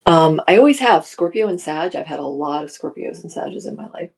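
A woman's voice: on the low side, lively intonation, brisk, vocal fry, a little mellow, slightly rough. A middle-aged woman hosting a casual live chat, reading viewer comments aloud and laughing often.

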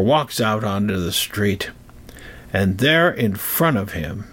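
A middle-aged man telling a story casually, with a gravelly voice and chatty, digressive asides. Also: on the low side.

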